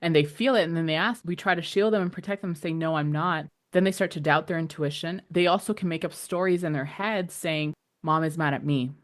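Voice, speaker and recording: A woman's voice: sits low, a little fast. A woman hosting a podcast, asking questions in an easy conversational way and laughing along. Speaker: podcast host. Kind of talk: interviewing.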